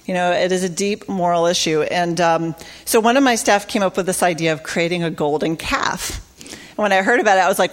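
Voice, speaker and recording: A woman telling a story in an interview, animated and retelling her own reactions in quotes. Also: fairly low pitch, a little fast, long reverb tail.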